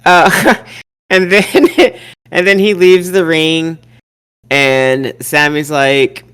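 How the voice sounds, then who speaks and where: A woman co-hosting a podcast in casual chat, jokey and quick to banter. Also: low voice, a bit bright, smooth. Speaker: podcast co-host.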